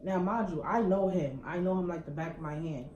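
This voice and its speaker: A young woman tells a heated story in casual slang. Her voice sits low and mellow. The echoey room has a faint hum of noise behind her. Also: highs cut off. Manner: heated, ranting, fast slang. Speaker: couple vlogger.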